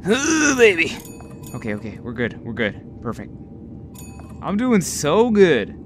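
A young man giving live gameplay commentary, talking to himself, excitable and swearing often. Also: medium pitch, a little slow, soft background music. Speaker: gaming video host.

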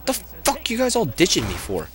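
A man casually chatting while playing a wrestling video game, swearing loudly in excited outbursts. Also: high voice, moderate pace, crowd noise. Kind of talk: profane casual let's-play chat.

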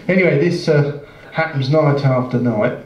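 A man's voice: mid-range voice, normal speed. Rambling man telling a joke on a club stage. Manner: rambling, self-interrupting, chuckling. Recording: roomy, distant, dull live club sound.

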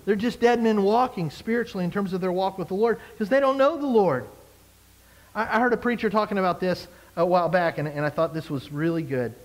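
A man's voice: high voice, a little fast, rough recording. A man preaching a conversational sermon as a pastor, emphatic and fond of repeated phrases. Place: church service.

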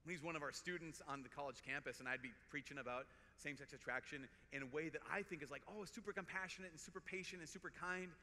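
Bright-voiced Minnesotan priest in a hall. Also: male voice, on the high side. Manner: earnest and conversational, quick restarts and repeated words. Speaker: priest giving a conference talk. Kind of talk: personal storytelling to a live audience. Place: large conference hall. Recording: reverberant hall, faint background noise.

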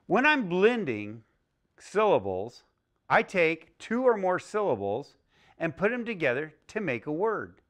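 A man teaching young children a phonics lesson, speaking slowly and clearly with an exaggerated teaching delivery. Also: high voice, sing-song, a bit bright. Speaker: early-learning teacher.

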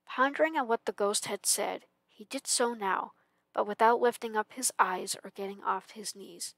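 A woman reading a classic story aloud for a library, with calm, measured narration. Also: medium pitch, dry recording. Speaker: library reader.

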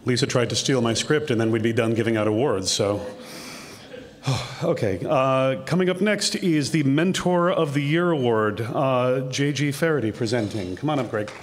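A man hosting an awards ceremony, introducing presenters in a relaxed, offhand way. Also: mid-range voice, moderate pace, slight background noise. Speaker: ceremony host.

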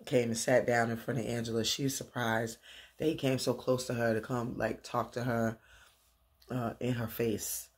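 A woman's voice: very deep voice, little pitch movement, moderate pace. A middle-aged woman recapping a TV episode in a chatty, slangy way, dancing around while she talks.

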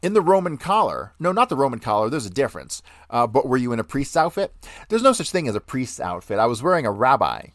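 A man reads old grand jury testimony aloud in a dry, close recording. His voice sits at an everyday middle pitch. He carries both the questions and the witness's long answers himself and keeps them in one voice. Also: very animated, fast talker, a bit bright, no room sound. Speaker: podcast host. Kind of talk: reading aloud courtroom testimony.

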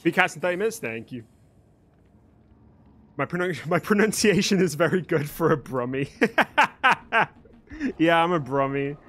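A man's voice: a little high, normal speed, pauses often, faint music behind. A young man from Birmingham with a mostly neutral British accent, hosting a live stream, chatting with and thanking viewers as he reads the chat. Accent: British English, mostly neutral. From Birmingham, England. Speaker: streamer host.

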